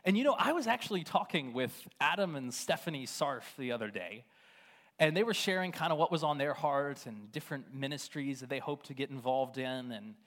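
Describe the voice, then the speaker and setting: A young man, a departing missionary, telling a story and exhorting a congregation in an earnest, halting way, often repeating words when he is stirred. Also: mid-range voice, animated, fairly bright tone. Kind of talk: sermon-style storytelling and exhortation.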